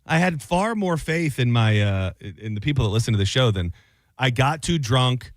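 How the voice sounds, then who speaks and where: A man's voice: medium pitch, sing-song, a little fast, no echo. Guy hosting radio, casual rambly banter, dry close mic. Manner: loose rambling delivery, lots of restarts. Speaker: radio show host.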